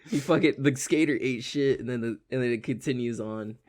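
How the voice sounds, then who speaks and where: A man in his twenties co-hosting a podcast, an animated storyteller who swears freely. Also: medium pitch, a little fast. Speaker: podcast co-host. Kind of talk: casual chat.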